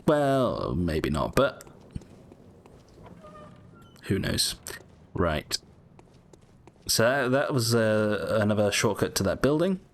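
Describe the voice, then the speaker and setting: A man's voice: fairly low pitch, sing-song, takes it slowly, long pauses, a little hiss or hum. A British man giving casual, rambling commentary over a video game, often correcting himself. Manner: chatty, rambling, self-correcting. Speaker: gaming YouTuber.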